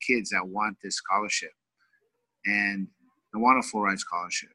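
A man in his forties from California tells an emotional story as a guest, rambling and leaning on fillers. His voice is very bright and forceful, and it sits a bit low. It is recorded close and dry, with no room sound. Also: fairly even intonation, moderate pace, no echo, poor audio. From California, USA. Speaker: wrestling coach, guest. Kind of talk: heartfelt personal storytelling.

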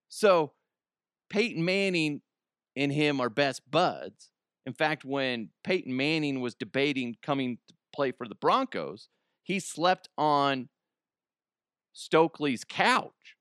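A man's voice: mid-range voice, expressive, a little slow, a bit bright, clean tone, dry recording, studio quality. A man hosting a podcast, rambling through a casual comedic monologue and laughing at his own jokes. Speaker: podcast host.

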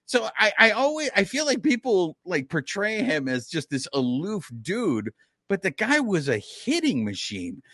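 A man's voice: sits high, huge pitch swings, unhurried, sharp tone, no echo, clean studio sound. A man hosting a podcast, asking long, enthusiastic, rambling questions in a casual chat. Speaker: podcast host.

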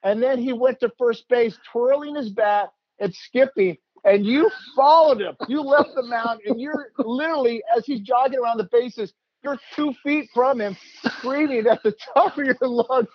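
A man hosting a casual chat, telling an animated story, laughing and acting out quotes. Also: extremely high pitch, normal speed, dry recording. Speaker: host, former player. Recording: dull, lo-fi dry sound.

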